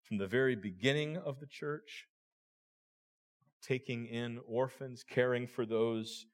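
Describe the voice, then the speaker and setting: A man's voice: medium pitch, fairly even intonation, measured pace. A man preaching a sermon as a pastor, earnest, speaking to his listeners as friends and often repeating words.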